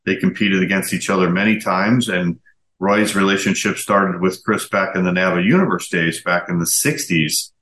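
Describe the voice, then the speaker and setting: A man's voice: deep voice, fairly bright tone. A man hosting a podcast, interviewing a guest and introducing clips. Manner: affirming listener with quick interjections. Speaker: podcast host. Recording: roomy echo.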